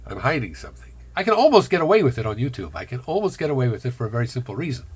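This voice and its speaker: A man from the Bronx with a carefully trained American accent, talking in a wry, reflective vlog monologue with dramatic pauses. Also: mid-range voice, sing-song, a little mellow, husky. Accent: General American, trained over a Bronx childhood accent. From Bronx, New York. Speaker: vlogger.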